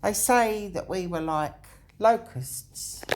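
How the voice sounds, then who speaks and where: A woman's voice: medium pitch, slow pace, a little hiss or hum. A woman hosting a video, thinking aloud as she walks through a map. She corrects herself often and sometimes drops into a whisper. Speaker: video host. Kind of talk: rambling walkthrough on a map.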